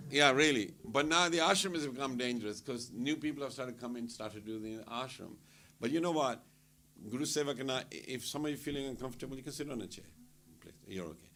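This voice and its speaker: A man's voice: mid-range voice, slight background noise. A man telling funny travel stories at a temple gathering, laughing often and acting out what people said. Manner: animated, laughing anecdotes with acted-out quotes. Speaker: temple speaker. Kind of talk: casual storytelling talk.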